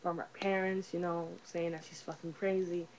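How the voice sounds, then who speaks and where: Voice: mid-range voice, flat delivery, normal speed, a little hiss or hum, rough recording. A casual movie reviewer talking through a film's plot in a rambling, profane way, full of fillers.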